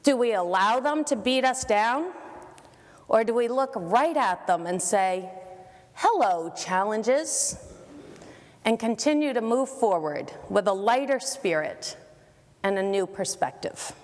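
A woman preaches in a slightly high voice, slow and deliberate. Her words are measured and encouraging. The sound carries the long reverb of a church hall. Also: animated. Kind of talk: shared sermon.

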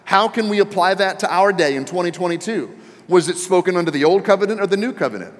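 A man preaching a sermon as pastor, animated and joking, building to emphatic questions. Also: sits high, fast talker. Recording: long hall reverb.

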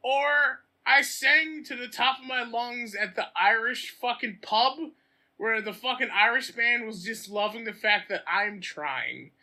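An American man in casual podcast chat, loud and animated, swearing constantly as he tells stories. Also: very high-pitched, a little slow. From United States.

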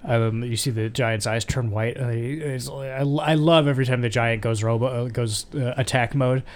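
A man's voice: mid-range voice, fairly even intonation. Earnest man retelling a film scene. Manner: halting, earnest, many restarts. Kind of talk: casual movie discussion.

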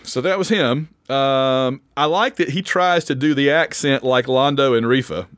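Man, casual podcast chat, eager fan, mid pitch, dry studio sound. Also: moderate pace, fairly bright tone, no room sound. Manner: chatty, enthusiastic fan, self-interrupting. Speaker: podcast co-host.

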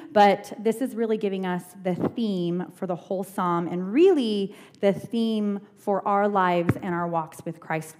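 A woman leading a Bible study, reading a psalm aloud, then explaining it in a relaxed, chatty way with frequent "um"s, into a microphone. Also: fairly low pitch. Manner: reads scripture slowly, then explains in relaxed chatty asides with many "um"s. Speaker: Bible teacher. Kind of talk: church Bible study teaching. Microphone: handheld or stand microphone.

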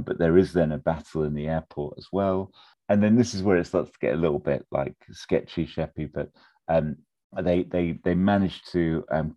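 A man, casually pitching a film plot in a rambling, animated way full of fillers and restarts. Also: lo-fi sound.

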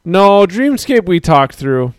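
A man's voice: sits high, very animated, slow pace, smooth, no room sound. A man hosting a live stream, chatting casually and rambling as he reads out viewers' comments. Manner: rambling, talks to chat viewers, mock-quotes people. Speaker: podcast host.

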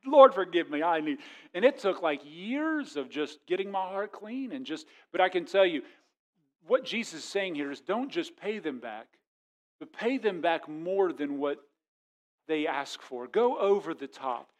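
A middle-aged male pastor preaches a sermon in a conversational, storytelling style, his slightly high voice very animated and a little slow. He often restarts his words and swings from quiet to loud.

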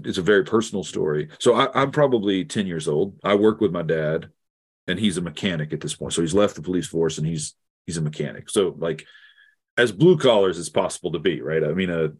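Earnest deep-voiced man telling a story. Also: slightly rough. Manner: earnest, halting, many restarts. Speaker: guest theologian. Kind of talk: reflective storytelling in conversation.

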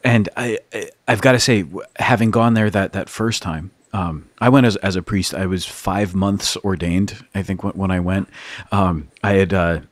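A priest co-hosting a podcast, talking eagerly and quickly and tripping over his words when excited. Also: low-pitched, dry recording. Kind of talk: casual chat.

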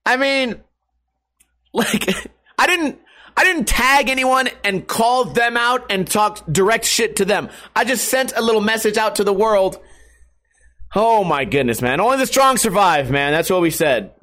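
A man's voice: high-pitched, expressive, measured pace, bright, forceful tone. A young man skateboarder ranting to his viewers in a sarcastic, profane, self-mocking way. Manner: sarcastic, profane, laughing at himself. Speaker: skateboarder and online streamer. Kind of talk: casual rant to viewers.

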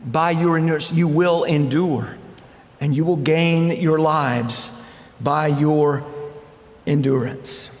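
A man's voice: a little high, fairly even intonation, slow. A male pastor preaching a verse-by-verse sermon, emphatic and repeating key phrases. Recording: echoey hall.

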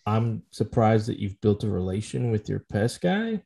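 A man's voice: on the low side, sing-song, normal speed, gravelly, warm tone, slightly rough. A man co-hosting a casual sports podcast, teasing and sarcastic toward his co-host.

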